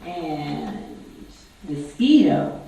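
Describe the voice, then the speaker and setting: A woman telling a story to a congregation in a lively, expressive read-aloud, heard from far off in an echoey church sanctuary. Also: sits low, drawn-out words, gravelly, slight background noise. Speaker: storyteller at a worship service.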